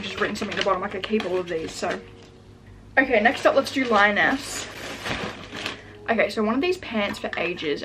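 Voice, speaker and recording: A young woman vlogger chatting casually while unboxing packages at home, gushing and excitable, full of "like" fillers. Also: mid-range voice, noisy background. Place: room at home. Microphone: camera set up in front of her.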